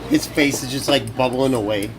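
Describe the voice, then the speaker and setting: A young man streams live from his kitchen on his phone, keeping up casual, rowdy, profane talk while he cooks. His mid-range voice runs at a moderate pace against a noisy background.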